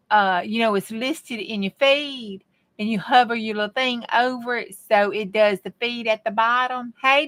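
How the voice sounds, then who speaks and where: A middle-aged woman with a medium-pitched, fairly bright voice chats casually with viewers as she works on a craft. She's a craft vlogger, and her talk is folksy.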